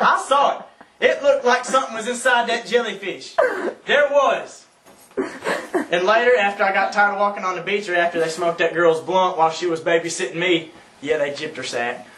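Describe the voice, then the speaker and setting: Young Southern guy, high and bright, cussing and laughing through a story, far mic in echoey room. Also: normal speed, a little hiss or hum. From South Carolina, US. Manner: animated, profane, laughs often, yelps in quoted outbursts. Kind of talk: casual anecdote among friends.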